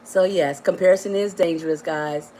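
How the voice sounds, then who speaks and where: A woman's voice: fairly even intonation, moderate pace, dark tone, slight background noise. A woman life coach giving a motivational live-stream talk, affectionate and emphatic, often repeating herself and calling her listeners baby and honey. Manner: emphatic and repetitive, rising to high exclamations.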